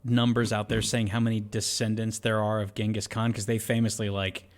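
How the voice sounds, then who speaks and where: A man's voice: lowish voice, flat delivery, brisk. A man in his thirties co-hosting a casual movie podcast, rambling and joking with lots of fillers. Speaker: podcast co-host.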